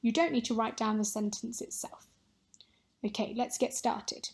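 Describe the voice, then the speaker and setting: A woman teaching a recorded Spanish lesson, modelling words clearly and patiently for pupils to repeat. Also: a little high, normal speed, a little mellow.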